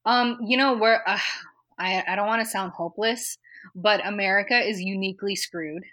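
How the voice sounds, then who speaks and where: A woman's voice: mid-range voice, moderate pace, fairly bright tone. Woman chatting casually on a podcast. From California. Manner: conversational, with frequent fillers and laughs. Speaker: data modeling guest.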